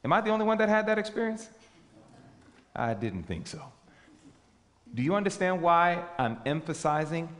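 Man preaching, emphatic, lively pitch, slightly high voice, long hall reverb. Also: moderate pace. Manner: animated, emphatic, asks the audience questions. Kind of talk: sermon.

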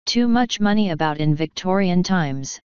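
A woman's voice: lowish voice, animated, moderate pace, darkish tone, clear, resonant tone, no echo, muffled recording, close to an everyday voice. A woman reading the part of an elderly, rheumatic country vicar who speaks pleasantly and a little sadly. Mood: rueful. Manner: pleasant, sad, apologetic. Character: elderly male vicar, gentle, rheumatic, mildly grumbling.

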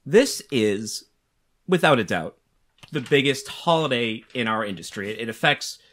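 Lively, chatty male podcast co-host. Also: medium pitch, moderate pace. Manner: explains facts in a chatty, teasing way. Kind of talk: casual podcast chat.

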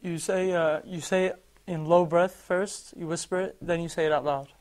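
A man's voice: a little high, steady tone, moderate pace, a little mellow. A male student answering the teacher's question hesitantly in class.

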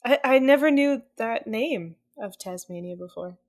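A woman co-hosting a casual podcast, chatty and quick to joke. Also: a little high, expressive. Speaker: podcast co-host.

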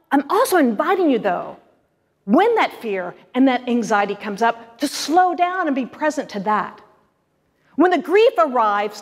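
A woman minister giving an expressive, conversational spiritual talk with playful asides. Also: high voice. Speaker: guest minister. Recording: long hall reverb.

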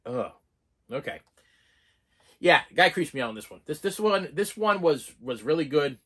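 A man giving casual movie reviews in an excitable, rambling way, full of restarts and fillers. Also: on the high side, normal speed, breathy edge.

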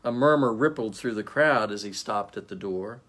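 A male pastor reading a story aloud as a devotion, in a gentle storytelling manner. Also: lowish voice, moderate pace.

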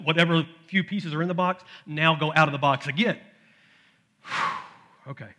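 Animated bright-voiced male preacher. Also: on the high side, normal speed. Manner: animated storytelling, acts out his toddler's shouts. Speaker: pastor. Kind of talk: sermon with personal story. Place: church sanctuary.

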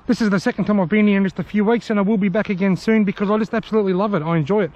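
An Australian man with a high voice, chatting enthusiastically to viewers on a riverbank as he narrates a fishing vlog. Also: steady tone, racing, a little mellow, muffled recording. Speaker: fishing vlogger. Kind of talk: casual outdoor vlog narration. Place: outdoors on a riverbank.

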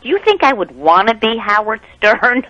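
A woman's voice: on the high side, very animated, normal speed, a bit bright. An indignant woman calling customer service, scolding in a proper, offended way. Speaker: caller. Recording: dry, dull phone audio.

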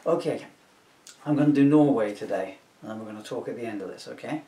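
A man's voice: mid-range voice, fast talker, warm tone, recorded from a distance. Man reading his comic book aloud. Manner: chatty, self-mocking, laughs at his own jokes. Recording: roomy echo, voice from off-mic.

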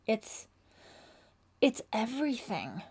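A woman's voice: a little high, huge pitch swings, takes it slowly, a little mellow, breathy edge, pitched above the performer's own voice, exaggerated voice. A woman voicing a nervous teenage girl who is a camp counselor, speaking hesitantly and earnestly.

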